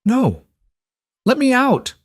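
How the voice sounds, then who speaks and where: A man putting on a frightened young woman, high and shaking. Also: wildly swooping pitch, brisk, a little mellow, breathy edge, dry recording, clean studio sound, heavily acted. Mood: desperate.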